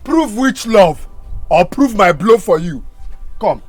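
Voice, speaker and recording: A man's voice: fairly high pitch, big pitch swings, moderate pace, soft background music. A Nigerian man playing a young fiancé who has been dumped, talking emotionally and stammering in a film drama. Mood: angry. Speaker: jilted fiancé.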